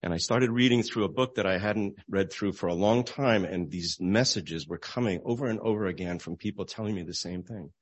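A man with a very low voice delivers an informal sermon. He talks conversationally, acting out short bits of dialogue as he retells a story. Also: a little fast, few pauses, husky. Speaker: preacher.

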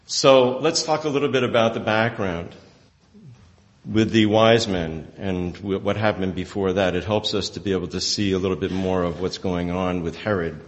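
A man preaching a sermon as a pastor, telling the story in an animated way and often breaking into laughter. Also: sits low, normal speed. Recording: long hall reverb.

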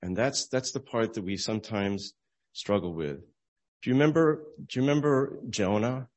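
A man's voice: on the low side, moderate pace, darkish tone. A man giving an informal sermon, talking conversationally and retelling a story with voiced dialogue. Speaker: preacher.

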